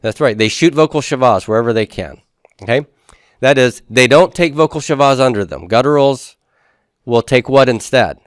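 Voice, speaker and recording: A man's voice: mid-range voice, lively intonation, normal speed, no room sound, clean studio sound. A man teaching a Hebrew grammar class, explaining step by step and putting questions to the class before answering them himself. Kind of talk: classroom lecture.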